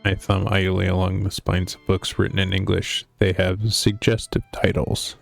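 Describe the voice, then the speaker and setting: A man's voice: deep voice, completely flat delivery, moderate pace, creaky. A man streaming a game, reading its lines aloud in a dry, wry way. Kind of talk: reading a visual novel aloud. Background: faint game music.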